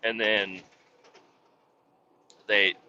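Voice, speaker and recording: Extremely slow and lowish, this man's level voice sounds pushed, bright, clear, and resonant despite lo-fi audio. As a podcast host with young children, he hiccups through a casual, meandering talk, cursing often and restarting sentences again and again.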